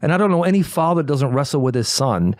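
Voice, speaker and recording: A man's voice: fairly high pitch, animated, quick pace, no room sound, clean studio sound. A young adult man co-hosting a podcast, telling a story in casual chat, acting out the voices and swearing freely. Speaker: podcast co-host.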